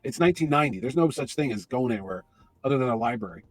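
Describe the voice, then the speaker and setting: Fast-talking man telling a story. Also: medium pitch, lively intonation, no echo, faint music behind. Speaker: interview guest. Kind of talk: storytelling anecdote.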